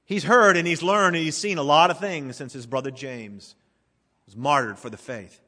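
A man preaching a sermon as pastor, emphatic, swelling loud then dropping to a hush. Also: on the high side, moderate pace, in a large hall.

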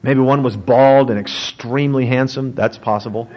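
A man, a pastor, preaching a sermon in an animated, joking storytelling manner. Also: medium pitch, moderate pace, slight background noise, rough recording.

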